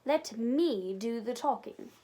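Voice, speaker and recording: A woman reads as a prim, stern nanny who speaks crossly and firmly. Her lines sound clipped and disapproving, with a fairly high pitch. A storybook reading. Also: lively intonation, slow pace, mellow.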